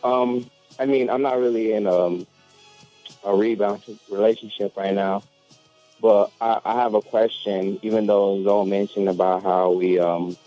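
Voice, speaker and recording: A man calls in to a radio show in a very deep, dark voice. He hesitates and searches for his words as he asks his question. The line sounds dull and muffled, with faint music behind. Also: steady tone, unhurried. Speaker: caller. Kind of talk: call-in question.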